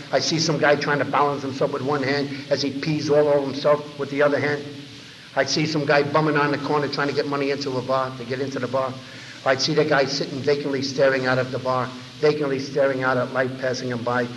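A man giving his recovery story to a meeting audience, an animated storyteller who acts out the voices he quotes and speaks straight to the listeners. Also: medium pitch. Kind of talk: personal recovery testimony to an audience. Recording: echoey hall, faint background noise.

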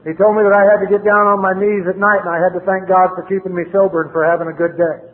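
A middle-aged man speaks bluntly and colloquially, telling his story to a meeting. His voice sits high for a man. The sound is thin and tinny, with a long reverb tail from a large hall. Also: little pitch movement, quick pace, slight background noise. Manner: blunt, plain-spoken and colloquial. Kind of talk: recovery meeting talk.

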